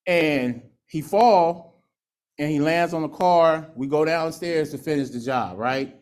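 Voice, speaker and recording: A man's voice: fairly high pitch, slow pace, a little mellow, clean tone. A man sharing his recovery story as personal testimony, candid and streetwise, with laughs and acted quotes.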